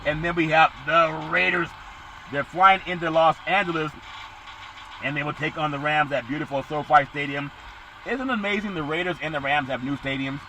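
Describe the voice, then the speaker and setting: A man hosting a casual sports podcast, rambling jokily through the weekend's football schedule with sudden loud bursts. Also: fairly high pitch, fairly even intonation, moderate pace, a little hiss or hum, low-quality recording.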